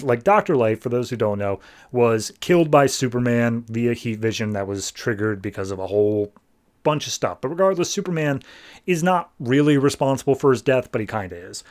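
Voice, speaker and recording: A man co-hosting a podcast, loosely recapping a comic issue in a chatty, filler-heavy way with quick paraphrased character asides. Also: medium pitch. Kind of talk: casual comic-book recap.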